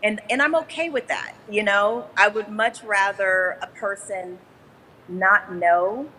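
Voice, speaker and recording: A woman guest chatting casually in an interview, upbeat and quick to laugh. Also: medium pitch, bright, forceful tone, poor audio. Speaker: guest, business developer.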